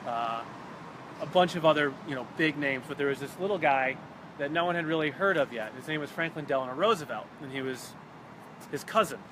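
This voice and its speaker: A man's voice: a little high, a little fast. Chatty man telling history outdoors. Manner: animated, chatty, acts out quotes. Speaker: local history guide. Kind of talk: casual storytelling on a walking tour. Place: outdoors on a city street. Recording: outdoor street noise with passing cars. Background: traffic and city ambience.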